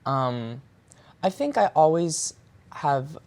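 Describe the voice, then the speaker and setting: A male musician with a naturally high voice, chatting casually in an interview, full of likes and ums and quick to laugh. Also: big pitch swings, darkish tone. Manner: chatty, filler-heavy with frequent likes and ums, laughs easily. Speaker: musician guest.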